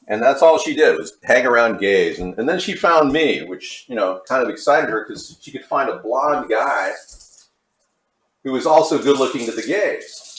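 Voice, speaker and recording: Hosting a cooking livestream, this man from Hollywood, California, rambles to his chat in conspiratorial asides. His voice is medium-pitched and fairly bright, recorded with a little hiss or hum in an echoey home kitchen with faint clatter.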